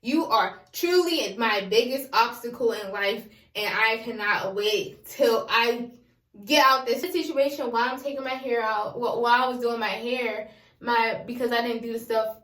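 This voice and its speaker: A young woman vlogs in a candid, rambling way, circling back over the same phrases with loose, slangy wording. Her voice sits fairly high, and the room gives it a noticeable echo. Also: moderate pace, fairly bright tone. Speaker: vlogger. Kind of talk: candid confessional vlog. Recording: echoey room.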